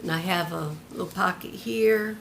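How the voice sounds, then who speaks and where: A woman's voice: lowish voice, normal speed, creaky, slight background noise. An older retired woman showing off a handmade journal in a homey, chatty show-and-tell, describing each piece one by one. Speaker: craft vlogger.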